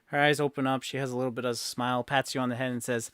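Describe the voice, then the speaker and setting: Male game master, relaxed narration, mid pitch, dry close sound. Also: very fast, clean tone, dry recording. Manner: casual, laid-back narration with voiced quotes. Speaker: dungeon master.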